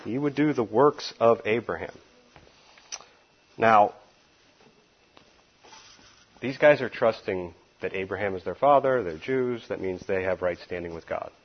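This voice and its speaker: In this expository Bible teaching, a man with a fairly low voice speaks slowly, leaving long pauses. He's emphatic and folksy, offering wry asides and occasionally chuckling at them. The highs are cut off.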